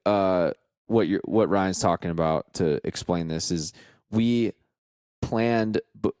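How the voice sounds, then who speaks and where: A man co-hosting a podcast in casual chat, prompting the story with quick questions and remarks. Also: low voice, darkish tone, no room sound, studio quality. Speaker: podcast co-host and band member.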